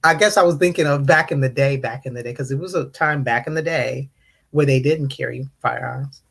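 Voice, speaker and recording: In casual livestream chat, an American host of an open online discussion panel, slightly tipsy from wine, greets viewers and answers them, mimicking others' rude questions in mocking voices as stories unfold. Expect a brisk, gravelly, mid-range voice with a breathy edge.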